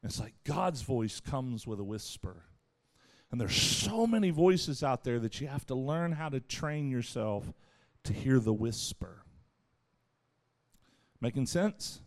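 A man preaching a sermon in an animated way, acting out voices as he goes. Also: medium pitch, slow pace, long pauses. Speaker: pastor.

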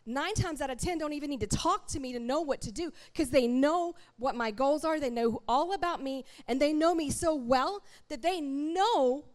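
A woman preaching a sermon in a church, talking straight to the congregation in an animated, conversational way. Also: high voice, normal speed, hardly any pauses.

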